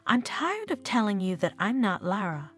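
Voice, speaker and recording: Lady reader doing an annoyed tourist woman, snappy, voice bouncing up and down, soft guitar behind. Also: medium pitch, very animated, normal speed. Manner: irritated, snapping. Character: angry stranded foreign woman tourist.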